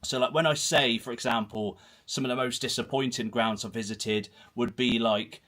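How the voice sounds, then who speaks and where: A man's voice: medium pitch, fairly even intonation, moderate pace, a bit bright. A man in his thirties with a Herefordshire and Gloucestershire accent, hosting a casual football livestream from a small home room, rambling and self-deprecating as he reads comments. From Herefordshire, England. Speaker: host of a football channel livestream. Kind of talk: casual solo livestream chat, reading comments.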